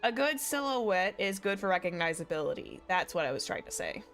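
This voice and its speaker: Young woman streamer rambling about a game, lowish voice, keeps restarting sentences, faint music behind. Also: very animated, a little fast, fairly bright tone. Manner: chatty, rambling, self-correcting. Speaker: VTuber streamer. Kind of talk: live game stream commentary.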